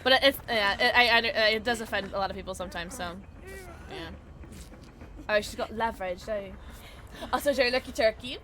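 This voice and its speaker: A woman streaming a game, chatting casually with viewers in an excitable way, with sudden high yelps and laughs. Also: fairly quick, long pauses, a little hiss or hum. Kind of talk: casual livestream chat while gaming. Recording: game music behind the voice. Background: game music.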